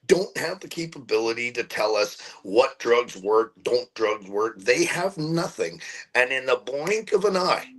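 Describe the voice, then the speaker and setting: A middle-aged man talks candidly in an interview, his voice sitting at an ordinary middle pitch. He speaks earnestly and from the heart, stopping and restarting as he repeats words while searching for the next thought. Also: fairly bright tone, rough recording. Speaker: interview guest.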